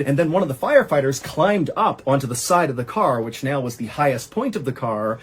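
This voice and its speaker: A man hosting a storytelling show, narrating a true horror tale in a conversational way, full of "and so" and "like", dropping low and quiet at grim moments. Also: brisk, few pauses, husky. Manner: animated, rises high for quoted cries; conversational, uses "like" and "and so". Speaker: storyteller host.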